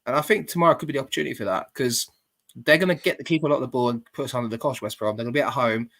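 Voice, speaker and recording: A man's voice: medium pitch, racing, vocal fry, a bit bright. A man hosting a casual football podcast, blunt and laddish, swearing freely, talking over a remote call. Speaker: podcast host.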